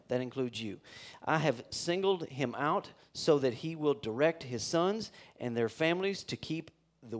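A man preaching a sermon, reading scripture aloud and breaking off into casual asides to his listeners. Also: fairly high pitch. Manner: conversational, with restarts and asides to the congregation. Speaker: pastor.

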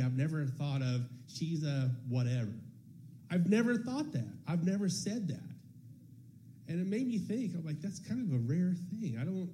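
A man's voice: mid-range voice, mellow, slight background noise. A man sharing a personal testimony in church, telling the story casually and acting out bits of dialogue.

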